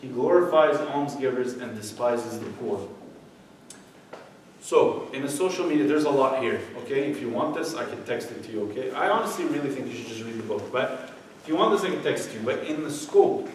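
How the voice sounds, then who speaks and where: A man's voice: medium pitch, lively intonation, a little fast, slight background noise. A middle-aged man giving a conversational church youth talk, often checking in with "okay?". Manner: conversational, keeps asking "okay?". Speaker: youth speaker. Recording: echoey room, voice from far off.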